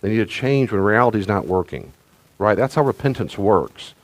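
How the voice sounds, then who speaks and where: Low-voiced pastor, casual and rambling. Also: male voice, animated, normal speed. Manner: conversational, rambling with restarts and asides. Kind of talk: sermon-style teaching talk.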